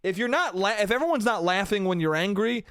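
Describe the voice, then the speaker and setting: A man's voice: sits high, animated, brisk, a bit bright, clean tone, no room sound, clean studio sound. Rambling, profane man on a solo podcast. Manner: rambling, profane, self-amused, restarts often. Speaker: podcast host. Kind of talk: solo comedy podcast rant.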